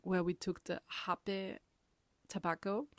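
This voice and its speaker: A woman talking straight to her viewers in a vlog, rambling and animated. Her voice sits on the low side and sounds dry and close. She laughs often and sometimes drops into a whisper. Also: slow, dry recording. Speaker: vlogger. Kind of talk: casual personal storytelling.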